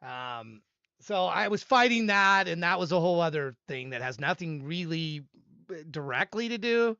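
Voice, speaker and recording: Lively, bright-voiced older man rambling on stream. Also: a little high, normal speed, clear, resonant tone, no echo, highs cut off. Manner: self-deprecating, rambling, laughs often. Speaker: livestream host reviewing music submissions. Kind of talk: rambling live-stream chat. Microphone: desk microphone.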